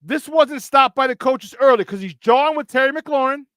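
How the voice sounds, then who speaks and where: A man's voice: extremely high pitch, normal speed, a bit bright, dry recording. A man hosting a sports talk show, ranting heatedly and repeating lines for emphasis.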